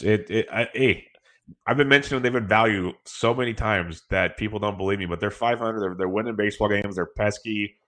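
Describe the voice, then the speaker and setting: A man co-hosting a sports podcast, giving quick, confident analysis in a casual tone. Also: fairly low pitch, fairly bright tone. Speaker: podcast co-host.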